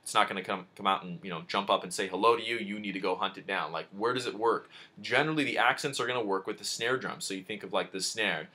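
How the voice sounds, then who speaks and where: Guitar playing runs in the background as a man gives a chatty beginner guitar lesson, speaking straight to the viewer in a casual video format. His lowish voice has a sharp tone, and he talks fast with hardly any pauses.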